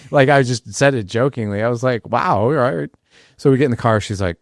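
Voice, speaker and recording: A middle-aged man with a very low, gravelly voice, recorded close and dry. He tells a story in animated conversation, jumping into what others said. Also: brisk, no echo. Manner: animated, acts out quotes, many restarts. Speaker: podcast host.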